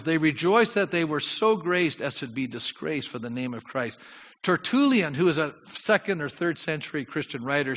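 A man preaching a sermon as pastor, lively and questioning his congregation. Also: medium pitch. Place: church sanctuary. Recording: dull sound with long hall reverb.

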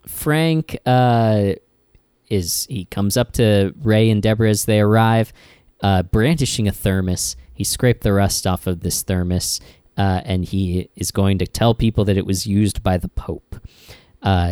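A man's voice: on the low side, darkish tone, smooth, no echo, studio quality. A man co-hosting a podcast, recapping scenes in detail in casual chat. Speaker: podcast co-host.

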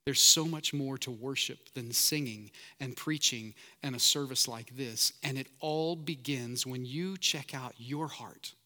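A man's voice: medium pitch, measured pace, hardly any pauses, pushed and bright. A man preaching a sermon as pastor, earnest and building emphasis through repetition.

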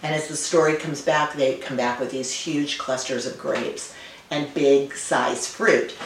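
Middle-aged woman guest, low voice, recorded far from the mic in an echoey room. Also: steady tone, unhurried. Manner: warm storytelling with frequent fillers and restarts. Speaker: winemaker guest. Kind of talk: casual conversational interview. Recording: roomy and distant, faint noise.

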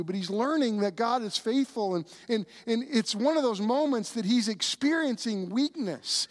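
A man's voice: high voice, lively intonation, normal speed, hardly any pauses. A man preaching a conversational sermon, with frequent restarts, who acts out the voices of biblical figures. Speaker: pastor.

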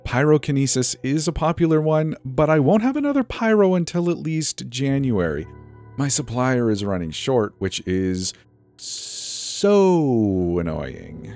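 A man's voice: mid-range voice, big pitch swings, measured pace, darkish tone, soft background music, pitched above the performer's own voice. A man voicing a creepy, grinning teenage boy who sells superpowers, in a mocking sing-song murmur. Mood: menacing.

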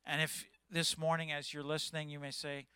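Impassioned bright-voiced pastor in his fifties. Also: a little high, level tone, a little fast, clean tone, dry recording. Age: 50s. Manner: impassioned, agitated preaching. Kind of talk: sermon.

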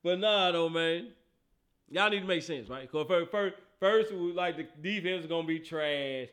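High bright-sounding guy doing a sports talk rant, aave, teasing, repeating himself, laughing a lot. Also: moderate pace.

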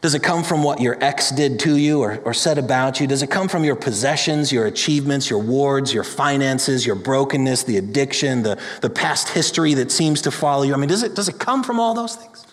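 Man, pastor, sermon, passionate, rises to loud peaks, long hall reverb. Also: mid-range voice, a little fast, few pauses.

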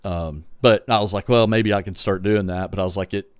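A man's voice: lowish voice, steady tone, fairly quick, clear, resonant tone, no room sound. A man with a West Texas drawl, co-hosting a podcast in casual chat, rambling with fillers and restarts. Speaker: podcast co-host.

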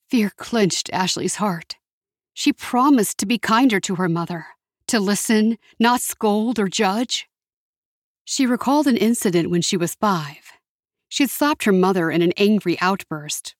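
A woman reading a story aloud in a steady, measured narration. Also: mid-range voice, no room sound, clean studio sound.

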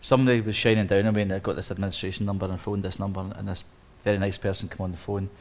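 A man, an interior designer, telling a lively story on a live panel, acting out quotes with many restarts. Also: deep voice, rapid-fire. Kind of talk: anecdote on a live panel talk.

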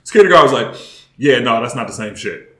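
Man, podcast host, casual storytelling, profane and laughing, bright forceful tone. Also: mid-range voice, quick pace, roomy sound. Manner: laughing, profane, animated retelling.

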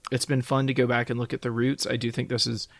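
A man's voice: medium pitch, little pitch movement, fast, vocal fry, no room sound. A man hosting a film podcast, talking in a laid-back, wry way and reading the show's credits. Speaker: podcast host and producer. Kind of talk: casual film review chat.

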